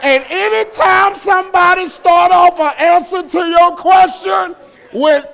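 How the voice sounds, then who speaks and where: Male pastor, very high voice, slow drawn-out delivery, animated shouting sermon, humorous call-and-response. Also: creaky, some chatter behind. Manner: animated preaching, often shouting. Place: church.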